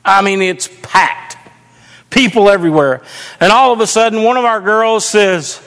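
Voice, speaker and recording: Male pastor, high voice, chatty folksy storyteller preaching in a church with a long echo. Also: normal speed, a bit bright. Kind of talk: storytelling sermon.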